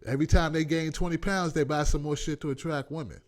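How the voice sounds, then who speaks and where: A man in his forties hosting a comedic talk show, talking in an animated, profane way and acting out voices. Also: a little high, quick pace. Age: 40s. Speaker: host.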